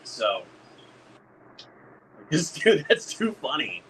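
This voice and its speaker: A man streaming a casual hangout chat, excitable, swearing a lot and laughing often. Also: a little high, drawn-out words, a little hiss or hum, rough recording.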